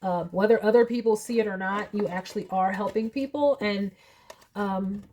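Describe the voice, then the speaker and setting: A woman's voice: medium pitch, a little hiss or hum. A woman giving a tarot reading to camera, earnest and emotional, with many fillers. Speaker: tarot reader.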